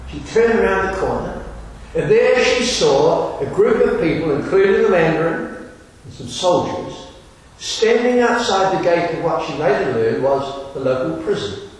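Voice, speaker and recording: A man with a fairly high voice tells a dramatic story, expressive and deliberate, pausing for effect. His voice comes from far off and rings around a large hall.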